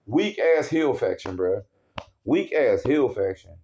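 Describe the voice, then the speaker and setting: A man's voice: medium pitch, big pitch swings, slow, dark tone, slight background noise. A man angrily ranting as a wrestling fan, heavy with profanity and worked up. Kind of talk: casual rant. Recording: dull lo-fi recording.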